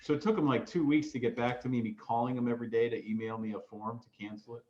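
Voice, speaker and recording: A mid-pitched man in a roomy, echoing space, chatting casually with friends. He drops dry, deadpan jokes in an easy tone. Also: quick pace, dull audio. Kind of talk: casual group chat.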